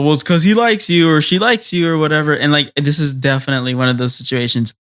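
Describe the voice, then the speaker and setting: A man with a slightly higher voice than most, chatting loosely about an anime. He rambles with lots of "like" and fillers, slipping into little voices when he retells scenes. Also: quick pace, fairly bright tone. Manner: rambling, lots of fillers, mimics characters in quotes. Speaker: podcast co-host. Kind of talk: casual anime recap chat.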